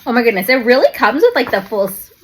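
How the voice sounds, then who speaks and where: A young woman in her twenties talking casually in a handbag unboxing vlog, gushing and excitable, full of "like" and "um", teary with excitement at times. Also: fairly high pitch, fast, a little hiss or hum. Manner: gushing and excitable, lots of fillers like "like" and "um". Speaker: luxury handbag vlogger.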